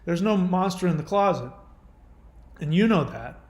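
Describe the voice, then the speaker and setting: Gentle man with a higher voice. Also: expressive, moderate pace, roomy sound. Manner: gentle, reassuring, speaks directly to the viewer. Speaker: channel host answering viewer questions. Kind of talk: casual advice talk.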